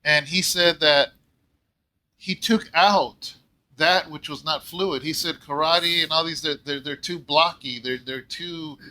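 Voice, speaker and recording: A man pastoring a church, telling a story in a casual, rambling way and often clearing his throat. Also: on the high side, measured pace, pushed and bright, poor audio. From California. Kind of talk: casual Bible talk.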